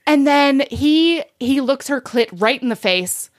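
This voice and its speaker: A woman with a slightly high voice co-hosts a casual book podcast. She retells scenes in a lively, giggly rush, peppering every sentence with filler words. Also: measured pace. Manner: animated, giggly storytelling with many likes. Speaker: podcast co-host.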